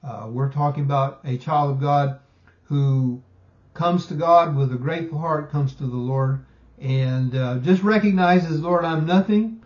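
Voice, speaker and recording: A man teaching a Bible study lesson, emphatic and slowing down to stress key words. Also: mid-range voice, dull audio.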